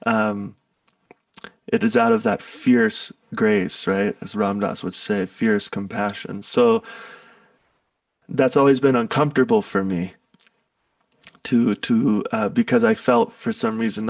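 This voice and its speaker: A man's voice: lowish voice, very animated, slow, gravelly, long pauses, no room sound, distant mic. A man talking as an interview guest in a casual spiritual conversation, telling stories loosely and tagging his lines with "right?" and "you know".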